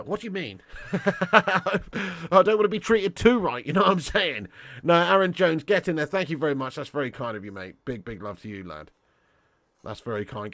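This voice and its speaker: A man's voice: fairly high pitch, fairly bright tone, dry recording. A British man hosting a live football watch-along, chatting casually and reading out viewer comments. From Britain. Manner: chatty, laughs often, calls viewers mate and lad.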